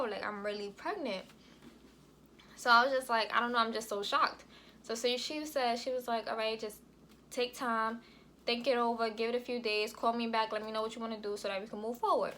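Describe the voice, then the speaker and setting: A woman's voice: a little high, fairly bright tone, slight background noise. A young woman vlogger telling a casual storytime, slangy and swearing freely, acting out every line of dialogue. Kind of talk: storytime vlog, casual chat.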